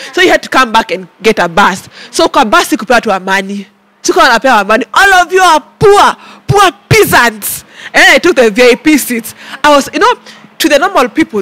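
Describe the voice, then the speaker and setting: A woman with a Kenyan accent, recounting her story to an interviewer in a lively way, with many stammered repeats and mixing in Swahili. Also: on the high side. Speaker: interview guest.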